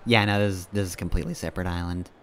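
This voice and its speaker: A man with a low voice gives casual, rambling commentary over his gameplay. He corrects himself mid-sentence and chuckles as he goes. A faint hiss sits under his voice. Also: fairly even intonation, racing, a bit bright. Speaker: game streamer.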